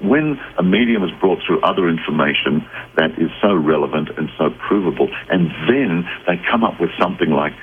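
A man with an Australian-sounding accent, a guest on a radio call-in show, calmly explaining and giving advice. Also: low voice, brisk, few pauses. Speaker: guest medium. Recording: tinny phone-line audio with faint noise.

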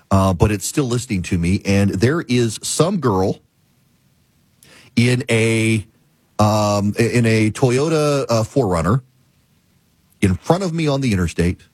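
A man with a slightly husky voice delivers a rambling talk show monologue, exasperated and emphatic. He repeats his points to hammer them home, and the sound is close and dry. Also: dry recording. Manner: laughs mid-sentence and bursts into high-pitched exclamations. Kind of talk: casual monologue, ranting storytelling.

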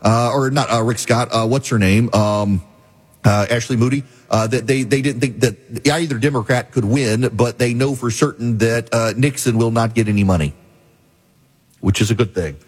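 Husky, scornful talk-radio man. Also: mid-range voice. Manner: rapid, scornful, with frequent filler restarts. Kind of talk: opinionated political commentary.

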